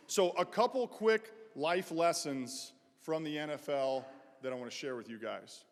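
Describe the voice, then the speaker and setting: A man's voice: a little high, lively intonation, unhurried. A man who is a former pro football player, giving a casual, direct motivational talk to students and joking with them. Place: large college chapel. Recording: echoey chapel hall reverb.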